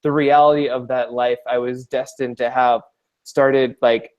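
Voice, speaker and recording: A man's voice: mid-range voice, level tone, a little slow, darkish tone, highs cut off. A man from Long Island chatting as a guest on a video call, joking, rambling and laughing often. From Long Island, New York. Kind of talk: casual chat.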